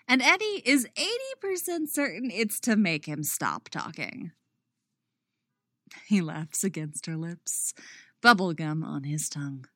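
A woman reading her own romance story aloud, expressive in the narration and chatty and self-mocking in her afterword. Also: on the low side, dry recording, clean studio sound. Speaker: fan fiction reader and writer.

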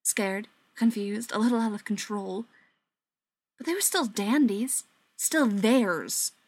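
A woman reading audiobook narration in an even, measured way. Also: mid-range voice, no echo. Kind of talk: scripted narration.

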